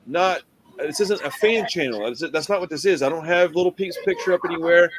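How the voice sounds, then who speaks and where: A man hosting a casual film podcast, talking in an animated, slangy way and acting out quotes. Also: on the high side, fairly quick, no echo. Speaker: podcast host. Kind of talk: casual chat about a film.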